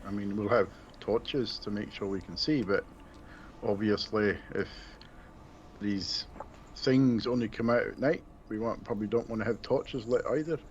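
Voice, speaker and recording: A man's voice: lowish voice, fairly even intonation, normal speed, highs cut off, slight background noise. A man playing a tabletop game, talking casually and asking questions. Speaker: player.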